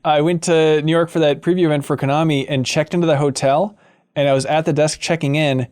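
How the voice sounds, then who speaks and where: A man hosting a casual podcast chat, playful and animated, with jokey asides. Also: fairly high pitch, a little fast. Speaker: podcast host.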